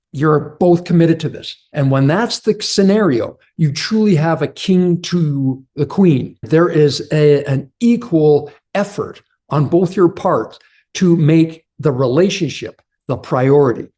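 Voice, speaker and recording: Mellow-voiced man coaching men. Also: a little high. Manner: earnest, addresses listeners as brothers. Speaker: men's relationship coach. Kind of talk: motivational talk to men.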